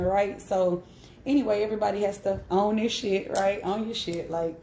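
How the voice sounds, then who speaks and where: A woman's voice: mid-range voice, a little fast, mellow, reverberant, slight background noise. A woman in her thirties sharing a personal story on a live stream, candid and emphatic, often checking in with "right?". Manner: candid and emphatic, with frequent "right?" tag questions. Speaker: host.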